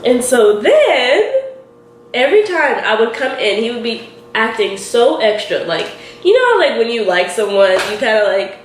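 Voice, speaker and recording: A young woman in her twenties telling a story while doing her makeup, animated and giggly, acting out what people said. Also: a little high. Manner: animated, quotes people in lively voices, giggly. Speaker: beauty vlogger. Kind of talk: chatty get-ready-with-me storytelling. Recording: roomy echo with faint hiss.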